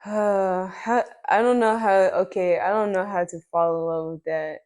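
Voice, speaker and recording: A woman's voice: medium pitch, steady tone, normal speed, darkish tone. A woman hosting a podcast in casual chat, reflective and hesitant, often restarting her sentences. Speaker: podcast host. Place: indoor room, on a couch.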